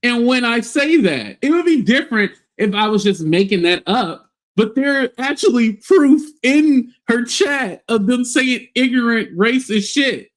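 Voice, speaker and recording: A man's voice: extremely high pitch, lively intonation, unhurried. A man hosting a livestream, ranting bluntly and scornfully with plenty of profanity. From United States. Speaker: livestream host. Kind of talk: casual livestream rant.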